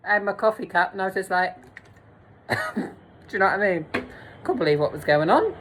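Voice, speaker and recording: A woman's voice: medium pitch, expressive, brisk, pauses often, slight background noise, low-quality recording. A woman telling a blunt, sweary, self-mocking story to camera as a vlogger. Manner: blunt, sweary, laughs at herself. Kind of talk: candid storytime monologue.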